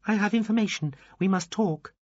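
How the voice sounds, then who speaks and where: A man's voice: moderate pace, dry recording. A man voicing a small, formal alien officer who speaks in a fussy, pompous way. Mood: urgent. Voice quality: high, stiff bureaucratic delivery. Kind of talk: audiobook character reading. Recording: dull lo-fi dry recording.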